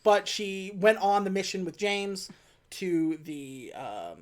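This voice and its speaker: Animated woman recapping a film. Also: medium pitch, slow pace. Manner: animated, acts out lines in character, laughs often. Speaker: podcast co-host. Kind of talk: casual chat recapping a film.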